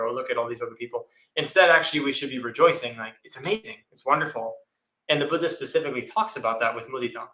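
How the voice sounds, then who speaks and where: On a panel, a male monastic gives a dharma talk in answer to a question, speaking thoughtfully, repeating phrases and acting out little inner voices as examples. His mid-range voice sounds pushed and bright, and the low-quality recording was made in an echoey room.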